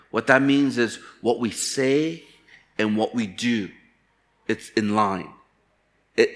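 A man from Chicago delivers a sermon as a pastor, with a voice that sits on the lower side. He talks candidly, weaving personal stories into the message and poking fun at himself. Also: a bit bright. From Chicago, USA. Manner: candid, storytelling with self-deprecating humor.

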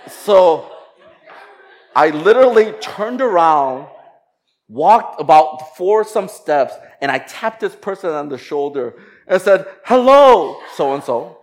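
A man preaching as a pastor, moving from slow, emphatic scripture reading into a chatty, laughing personal story. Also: fairly high pitch. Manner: conversational, animated storytelling with laughs and quoted voices.

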